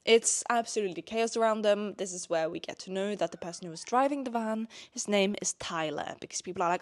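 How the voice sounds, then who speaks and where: A woman's voice: medium pitch, brisk, hardly any pauses. A young woman hosting, reading a novel aloud and breaking off into chatty, sarcastic commentary with some swearing. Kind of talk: book reading with casual commentary.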